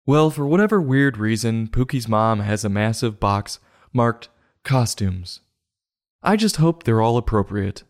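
Deadpan sarcastic man reviewing books. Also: fairly low pitch, measured pace. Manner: deadpan, mock-serious sarcasm. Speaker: host. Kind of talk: comic book review.

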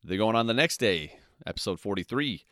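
A man's voice: fairly low pitch, expressive, a bit bright, no room sound, studio quality. A man hosting a podcast Spanish lesson, saying each phrase twice with its translation and checking in with "okay?". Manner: slow, repetitive, spells out phrases twice with translations; checks in with "okay?" and "all right". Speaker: Spanish teacher, podcast host.

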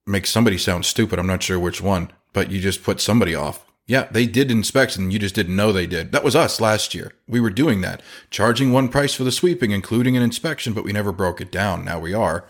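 A man's voice: lowish voice, fast talker, hardly any pauses. A man who runs a chimney sweep company, talking casually on a podcast and acting out the people in his stories. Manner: animated storyteller, acts out quotes.

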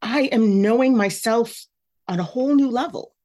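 A woman's voice: a little high, normal speed, darkish tone. A woman hosting her own podcast, talking candidly and emotionally about her feelings. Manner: candid, emotional, self-reflective. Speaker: podcast host. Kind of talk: personal podcast monologue.

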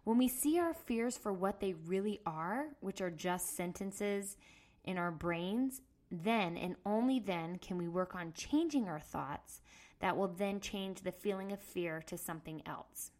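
A woman's voice: mid-range voice, expressive, unhurried. A woman in her thirties hosting a podcast, talking earnestly through a personal story. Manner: earnest, storytelling, acts out her past self loudly. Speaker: podcast host. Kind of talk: casual monologue.

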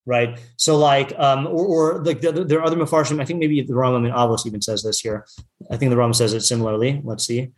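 A man's voice: medium pitch, steady tone, fast talker. A man leading a casual text study class, reading passages aloud, translating them and riffing with lots of fillers and restarts. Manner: chatty, full of fillers, reads Hebrew text then translates. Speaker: Torah teacher.

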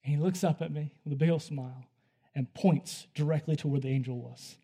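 A man preaching a sermon, telling a story in a conversational way that moves between hushed, quiet passages and loud, excited ones. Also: on the high side, fairly quick, breathy edge.

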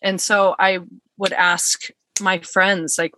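Woman on a podcast, heartfelt storytelling, slightly low bright voice. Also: steady tone, a little slow, no room sound. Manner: earnest, heartfelt, acts out quotes. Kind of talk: personal storytelling, casual chat.

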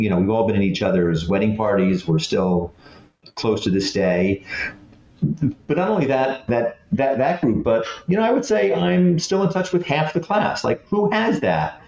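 A man's voice: fairly low pitch, darkish tone, roomy sound, highs cut off. A man in his late fifties, a guest telling stories in a chatty, self-deprecating way with many restarts. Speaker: guest, former head boy. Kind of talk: casual conversation.

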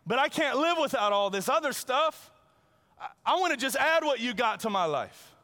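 A man's voice: very high-pitched, sing-song, normal speed, pushed and bright, pitched above the performer's own voice, full character voice. A man playing a bragging rich young man. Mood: pleading. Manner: whiny, bragging, pleading. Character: boastful self-righteous rich young man. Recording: long reverb in a large hall.

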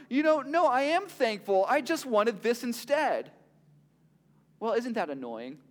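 A man's voice: high voice, long reverb tail. A male pastor preaching a sermon, talking with the congregation and asking them question after question. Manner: conversational preaching with rhetorical questions.

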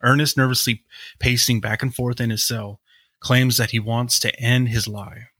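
A man co-hosting a podcast, reading a true-crime story aloud at a steady pace and breaking off into wry, casual asides. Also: mid-range voice, normal speed, no room sound. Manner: reads steadily, then breaks into wry jokes.

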